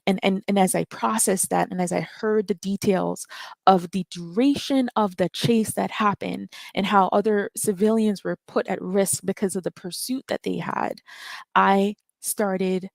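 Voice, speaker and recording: A woman's voice: mid-range voice, steady tone, measured pace, creaky, no room sound. Earnest, emotional woman caller, dry sound. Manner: earnest and emotional, repeats words when stirred. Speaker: caller in a live audio chat. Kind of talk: impassioned call-in talk.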